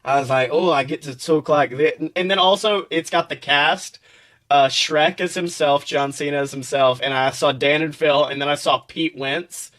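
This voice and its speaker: An excitable man co-hosting a comedy podcast, reading a story aloud before breaking into animated, foul-mouthed chat. His voice is bright and a bit higher than most men's. He talks with lively enthusiasm. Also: moderate pace. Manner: excitable and animated, swears freely. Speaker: podcast co-host. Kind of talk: reading fan fiction aloud, then casual chat.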